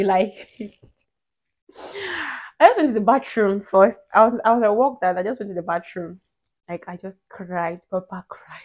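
A young woman from Nigeria, telling a story in a casual vlog. She talks in an animated, emotional way, restarting her sentences often. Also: mid-range voice, normal speed. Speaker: vlogger. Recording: dull lo-fi audio.

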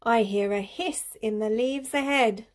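A woman voicing a big, clumsy, hungry male monster, gruff and easily amazed. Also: on the high side, a little slow, lightly acted.

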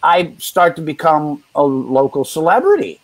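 A man, a street performer and juggler, telling long halting anecdotes in a casual interview and acting out the people he quotes. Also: fairly high pitch, very animated, dry recording, poor audio.

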